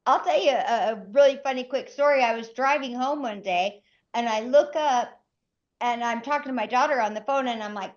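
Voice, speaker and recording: A middle-aged woman co-hosting a podcast, telling a story in a lively, animated way and acting out the quotes. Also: fairly high pitch, moderate pace. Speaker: co-host. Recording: dull lo-fi podcast audio.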